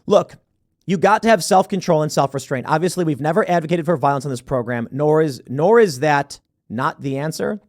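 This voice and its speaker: A man's voice: on the high side, brisk, a little mellow. A man hosting a show, giving emphatic political commentary with sarcastic asides.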